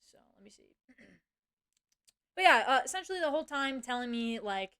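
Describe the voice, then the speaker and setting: A woman's voice: sits high, lively intonation, normal speed, a bit bright, clean tone. A woman streamer venting in casual chat, ranting and swearing, with many fillers and restarts.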